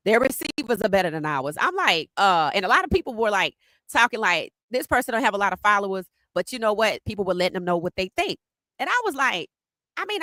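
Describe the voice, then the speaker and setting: A woman hosts a live sports podcast stream. Her voice is bright and forceful. She sounds animated and teasing, and the recording is dry and close. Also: medium pitch, no echo. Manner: animated, teasing, greets chat viewers by name.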